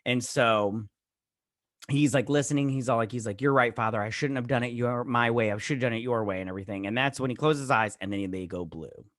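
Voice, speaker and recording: A man's voice: medium pitch, brisk, a bit bright, no room sound, clean studio sound. Chatty man recapping a TV episode. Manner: rambling, filler-heavy retelling full of "he's all like" quotes; briefly acts out characters' lines in quoted bits. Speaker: show host. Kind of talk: casual TV episode recap and review.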